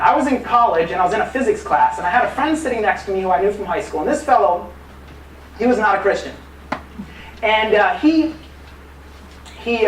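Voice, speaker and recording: A man, an apologetics teacher, giving a live conference talk in lively, casual storytelling style with acted quotes and fillers. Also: sits high. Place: museum conference room. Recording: echoey room, distant mic, faint noise.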